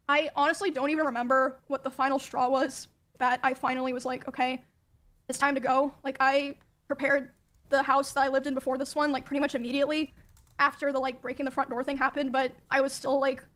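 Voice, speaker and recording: A woman telling her own story in a played clip, speaking softly and hesitantly with many pauses and fillers. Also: high voice, level tone. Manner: soft, hesitant, many ums and likes. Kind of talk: recounting personal experiences in a played clip.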